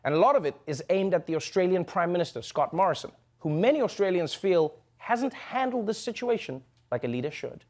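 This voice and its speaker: A man with a high voice delivering scripted comic commentary. He jokes animatedly and keeps an upbeat, punchy delivery. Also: brisk, hardly any pauses. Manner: jokey, animated, slips into comic impressions. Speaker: late-night comedy host.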